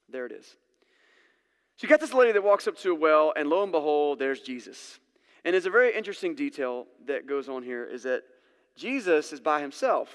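Conversational preacher in a reverberant hall. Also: male voice, fairly high pitch, a bit bright. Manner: conversational, storytelling, uses asides. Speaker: pastor. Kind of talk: sermon.

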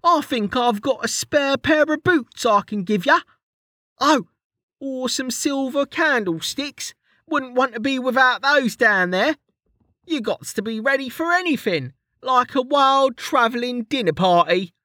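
Man putting on a cheeky male adventurer, squeaky high teasing voice, slangy, dry close sound. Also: expressive, a little slow, sharp tone, no room sound, heavily acted.

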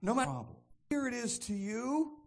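A male pastor delivers a sermon with a lively, swinging delivery. His pitch climbs and falls expressively. He often restarts phrases and repeats words mid-thought. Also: normal speed, gravelly.

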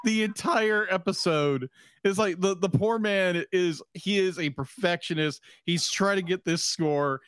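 Male podcast co-host, high pitch, dry close mic; rambling, restart-heavy, laughing delivery. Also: a little slow, fairly bright tone, clean tone, dry recording. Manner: rambling, stumbles and restarts often, laughs a lot. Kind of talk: casual chat.

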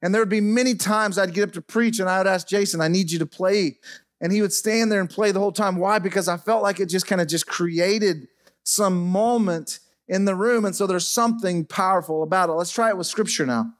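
A middle-aged man preaching a sermon as pastor in a church, dropping soft and low as he speaks over piano. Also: fairly quick. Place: church sanctuary. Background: faint piano playing.

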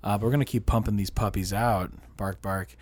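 A man's voice: fairly low pitch, fairly even intonation, fast talker, a little mellow, husky. A man hosting a podcast in loose, joking casual chat, laughing easily. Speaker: podcast host.

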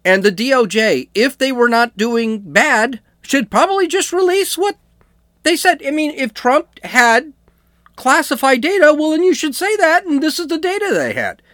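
A man's voice: very high voice, big pitch swings, normal speed, a bit bright, no echo, studio quality. A man hosting an opinionated commentary show, arguing his point through repeated rhetorical questions. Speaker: political commentary host.

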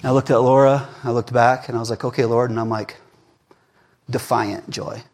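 Husky male pastor, preaches with wide swings from loud to hushed. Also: medium pitch, normal speed. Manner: animated, swings between shouting and murmuring. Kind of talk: sermon. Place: church.

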